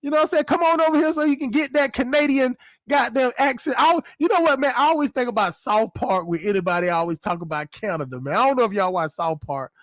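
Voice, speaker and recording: A man's voice: very high voice, animated, quick pace, dry recording. A man hosting a casual livestream chat, rambling and slangy, laughing often. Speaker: host.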